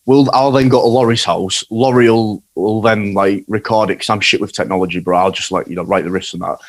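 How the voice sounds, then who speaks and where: Yorkshire guy rattling on fast, sweary and blunt, guest on a podcast. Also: lowish voice, steady tone. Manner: blunt, swears freely, says "man" and "bro". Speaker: band member, guest. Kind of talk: casual podcast chat.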